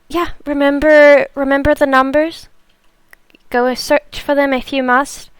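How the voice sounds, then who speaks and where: A woman's voice: high-pitched, no echo. A woman from South Africa hosting a live stream, chatting casually, laughing and reading out viewer comments. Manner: chatty, laughs often, reads chat aloud.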